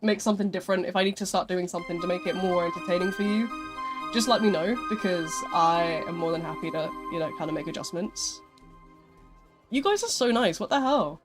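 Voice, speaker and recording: Chatty gaming streamer over faint music. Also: mid-range voice. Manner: chatty and rambling, with frequent "like" and "um" fillers. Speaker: live streamer. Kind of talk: casual live-stream chat answering viewers.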